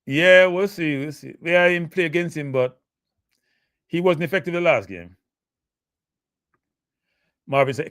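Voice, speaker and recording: A man's voice: sits high, animated, normal speed, long pauses, fairly bright tone, dry recording, clean studio sound. A Jamaican man hosting a live football talk show, blunt and emotive, answering chat comments.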